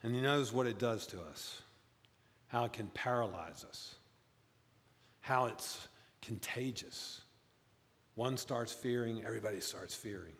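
A man preaching a sermon as pastor, telling stories and rising high in pitch for emphasis. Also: unhurried, creaky, long pauses, a bit bright. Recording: long reverb, as in a church.

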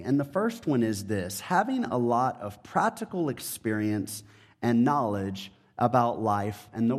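Slow, measured male preacher. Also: mid-range voice, darkish tone. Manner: measured, halting delivery with frequent fillers. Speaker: pastor. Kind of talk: sermon with scripture reading.

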